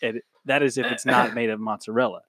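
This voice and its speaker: A man's voice: mid-range voice, level tone, fairly quick, fairly bright tone, no room sound. A man co-hosting a podcast, joking crudely and laughing often as he rambles through riffs. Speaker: podcast co-host. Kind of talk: casual crude banter.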